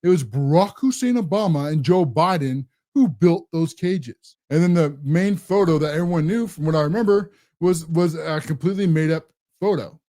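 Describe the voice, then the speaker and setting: A man's voice: on the high side, moderate pace, hardly any pauses, warm tone. A man hosting a political commentary show, combative and sarcastic, often repeating and restarting his words. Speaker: host.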